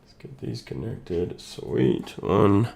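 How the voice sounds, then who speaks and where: Slow, gravelly male streamer. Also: lowish voice, expressive, warm tone. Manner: laid-back, greeting chat by name while setting up. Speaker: streamer hosting a watch party. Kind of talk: casual live-stream chat.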